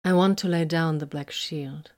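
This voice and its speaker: A woman voicing a shrewd, composed female inquisitor in an audiobook, calm and solemn. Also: low-pitched, normal speed, natural voice.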